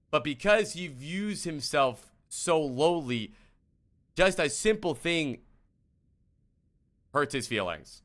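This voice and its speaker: A man's voice: fairly high pitch, unhurried, fairly bright tone. A young man streaming as a game coach, talking casually in an exasperated, rambling way, with lots of swearing and restarts.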